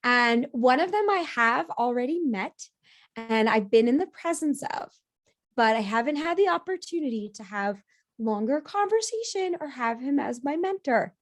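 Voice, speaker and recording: A woman speaking as a podcast guest in a casual interview, animated, laughing easily and often restarting her sentences. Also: sits high, normal speed.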